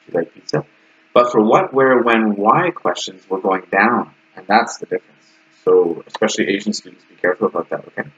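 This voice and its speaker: Male English teacher, lively, plays both speakers in example chats, lower register, somewhat muffled recording. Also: fairly quick. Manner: animated, acts out both sides of sample dialogues. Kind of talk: casual teaching to camera. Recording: slightly dull lo-fi sound.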